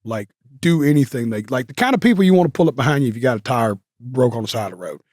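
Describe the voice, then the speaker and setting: A man's voice: mid-range voice, lively intonation, quick pace, a little mellow, no echo, clean studio sound. A male guest telling stories in a casual interview, rambling with many fillers and restarts. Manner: rambling, filler-heavy, with self-corrections.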